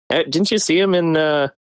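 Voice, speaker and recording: A man's voice: fairly high pitch, normal speed, clean tone, no echo. A man co-hosting a casual movie chat, laughing often and hedging with fillers. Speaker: podcast co-host.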